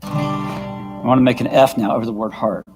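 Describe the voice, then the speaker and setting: Here a man at medium pitch talks with a steady tone and moderate pace. He's a worship music instructor running a vocal workshop for a church team, patient and regularly confirming they're with him, while his own guitar sounds behind him.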